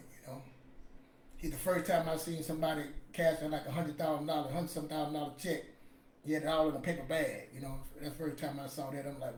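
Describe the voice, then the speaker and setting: A man's voice: a little high, steady tone, brisk, darkish tone, recorded from a distance, slight background noise. A man, casually telling a motivational story in a rambling, emphatic way. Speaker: podcast host. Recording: echoey room with faint ambience.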